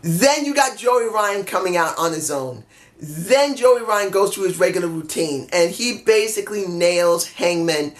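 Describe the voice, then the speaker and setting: A man casually reviewing a wrestling show, excitable, swearing freely and laughing often. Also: high-pitched, measured pace.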